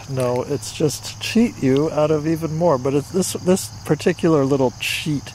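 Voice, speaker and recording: A man's voice: on the high side, fairly even intonation, unhurried, a little mellow, slight background noise, low-quality recording. A man co-hosting a casual podcast chat, joking in a dry, wry way. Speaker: podcast co-host. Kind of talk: casual conversation.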